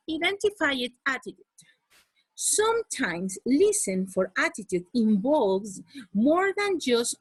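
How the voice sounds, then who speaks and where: A woman's voice: high voice, husky, dry recording. Woman teaching English, dry close mic. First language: Spanish. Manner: repeats "okay?" after each point, switches into Spanish. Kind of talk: online class lesson.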